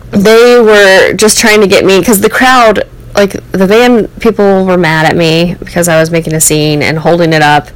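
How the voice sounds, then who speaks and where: A woman's voice: mid-range voice, steady tone, normal speed, low-quality recording. A young American woman, host of the show, telling a personal story in a candid, rambling way full of "like" and "um". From United States. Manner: candid, rambling, many fillers and "like".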